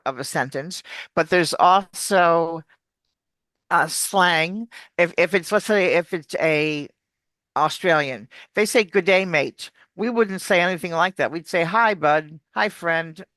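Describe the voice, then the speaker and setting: A woman speaks as a coach, her voice bright and sharp. She sits close to a dry, deadened mic, explaining in loose, chatty bursts that break off and restart mid-word. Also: lowish voice, unhurried, no echo. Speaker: accent coach. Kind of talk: casual video-call interview.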